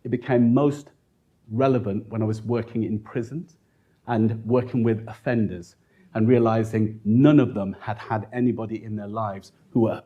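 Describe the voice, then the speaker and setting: A man lecturing and answering questions, telling lively stories, acting out quoted voices and laughing as he talks. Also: fairly low pitch, normal speed, highs cut off. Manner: animated storytelling, acts out quotes, laughing asides.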